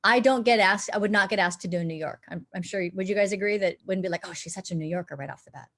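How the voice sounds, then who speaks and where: A woman's voice: mid-range voice, fast talker, a bit bright. Woman dialect coach giving advice. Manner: earnest, explanatory, advising actors. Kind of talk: live online Q&A chat. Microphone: video call.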